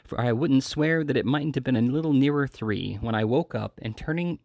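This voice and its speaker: A man's voice: mid-range voice, moderate pace, vocal fry, darkish tone, dry recording, clean studio sound, voice pushed up, close to an everyday voice. A man reading the lines of a pompous middle-aged male butler in an audiobook, telling his tale with boastful drama.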